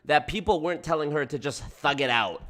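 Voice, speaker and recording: A man in his twenties comments on a clip he is reacting to. He sounds sarcastic and disbelieving, with a slightly raised pitch. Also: brisk, fairly bright tone. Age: 20s.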